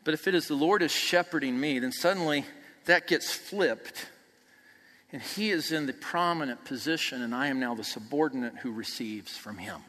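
A man preaching a sermon as pastor, emphatic, swinging from loud peaks to soft, quiet passages. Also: mid-range voice, normal speed. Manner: emphatic, rising to near shouts then dropping soft. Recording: long reverb of a large hall.

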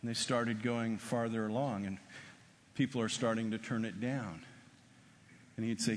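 A male preacher telling an animated story in a sermon, recorded in a large hall. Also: on the low side, unhurried. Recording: echoey hall with faint noise.

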